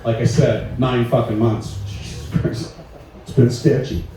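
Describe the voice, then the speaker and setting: A man's voice: mid-range voice, fairly even intonation, a little slow, noisy background. A man in his forties doing a stand-up comedy set, rambling and profane in a laid-back way. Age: 40s. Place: large echoey room at a live show. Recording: echoey room, voice from far off.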